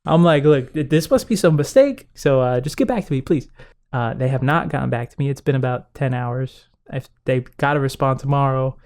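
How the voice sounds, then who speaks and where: A man's voice: mid-range voice, a little fast. A young man telling a story in casual podcast chat, acting out what others said and laughing often. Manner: animated storyteller, acts out quotes, laughs often. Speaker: podcast co-host.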